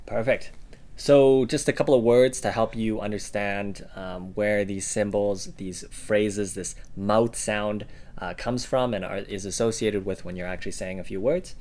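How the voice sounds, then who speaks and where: A man co-hosting a relaxed language lesson, explaining example words with frequent ums and uhs. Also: fairly low pitch, a little slow. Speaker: language teacher co-host. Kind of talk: casual instructional podcast.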